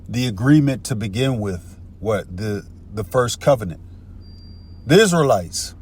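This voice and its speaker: A man teaching from scripture in a heated, profane, casual way, calling the listener "man" and "bro". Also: medium pitch. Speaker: street-style scripture teacher.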